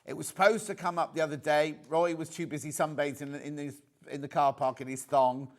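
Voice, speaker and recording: A British man hosting live TV sales, talking in a chatty, rambling way that keeps doubling back on itself. His voice sits a little high for a man. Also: fairly even intonation, brisk. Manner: chatty, repeats words, reads out viewer messages. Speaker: shopping channel presenter.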